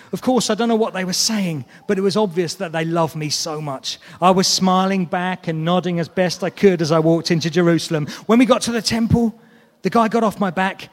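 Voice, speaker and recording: A man's voice: sits high, in a large hall, pitched above the performer's own voice, close to an everyday voice. A man voicing a proud, cheerful young male donkey telling his big day. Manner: boastful, excited storytelling.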